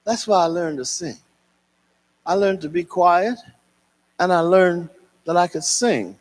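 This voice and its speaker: An older man, an author and singer, telling a childhood story at a live reading in an expressive, sing-song way. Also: high-pitched, unhurried. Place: concert hall at a public reading.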